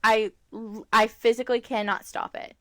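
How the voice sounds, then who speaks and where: A woman's voice: a little high, little pitch movement, moderate pace. A young woman co-hosting a podcast in casual chat, rambling with lots of fillers and frequent laughs. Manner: chatty, rambling, laughs often, many fillers. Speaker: podcast co-host.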